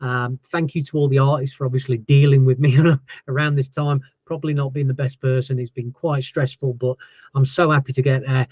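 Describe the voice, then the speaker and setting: A man hosting a casual livestream chat as a label owner, chatty and thankful, his voice going hoarse. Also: medium pitch, little pitch movement, brisk, a little mellow, no room sound, dull audio. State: losing his voice.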